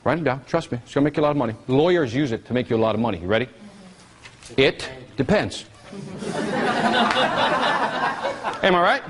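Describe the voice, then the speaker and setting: A man giving a live marketing seminar, animated and teasing, drawing call-and-response from his audience. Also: mid-range voice, a little fast, pauses often, some chatter behind, slight background noise.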